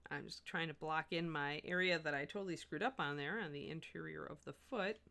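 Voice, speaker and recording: A middle-aged woman chats casually while she paints, her voice bright and forceful, sitting a little low for a woman. She talks in an animated, self-correcting way, thinking aloud as she works in her studio. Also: fairly quick, gravelly. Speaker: miniature painting livestream host.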